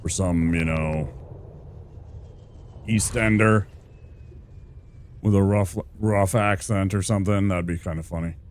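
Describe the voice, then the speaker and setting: A man's voice: deep voice, fairly even intonation, a little slow, long pauses, slight background noise. A male streamer giving casual gameplay commentary, rambling, laid-back and sweary.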